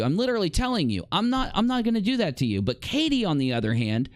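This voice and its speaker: A man's voice: on the high side, no room sound. A man streaming live, rambling and confronting a critic directly. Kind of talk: livestream commentary.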